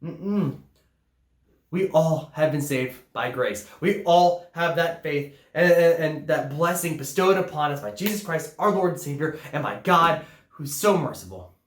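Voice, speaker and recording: A woman preaching a sermon in a lively, conversational way. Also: sits low, a little slow, roomy sound.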